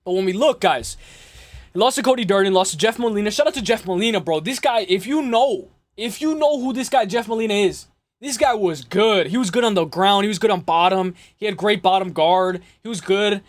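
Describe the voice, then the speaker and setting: A young man with a high-pitched voice talks through upcoming fights in loose, casual chat. He rambles, circles back, repeats himself and swears freely, sounding excitable and unpolished. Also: brisk. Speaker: MMA podcast host.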